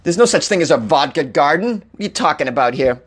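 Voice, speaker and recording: A young adult man hosting a podcast, giving casual, comedic commentary on odd news stories in an animated, jokey way, often laughing and addressing his listeners directly. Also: on the high side, fast talker, slightly rough. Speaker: podcast host.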